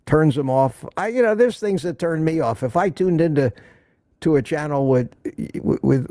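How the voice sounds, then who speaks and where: A man's voice: mid-range voice, vocal fry, warm tone, no echo, clean studio sound. An older man hosting a casual live stream from home, chatting and greeting viewers by name with frequent restarts. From United States. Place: indoors at home.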